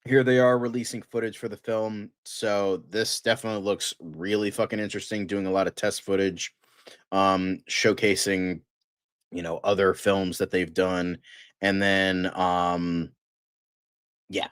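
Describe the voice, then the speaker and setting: A man with a fairly low voice hosts a loose news livestream, chatting excitedly and swearing often. He rambles with plenty of fillers, and his voice sounds dry and close, with no room echo. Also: measured pace, clear, resonant tone. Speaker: host of a fan news livestream. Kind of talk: casual livestream news chat.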